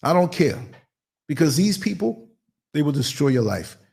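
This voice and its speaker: Animated New man telling a story. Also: fairly high pitch, moderate pace, creaky. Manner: animated, theatrical, acts out voices and sounds. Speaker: podcast host. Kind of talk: live-stream storytelling.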